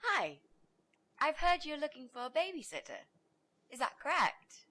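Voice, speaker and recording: An actress playing a brash young woman student who talks her way in as a babysitter, bold and quick to take charge. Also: sits high, sing-song, pushed and bright, heavily acted. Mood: confident.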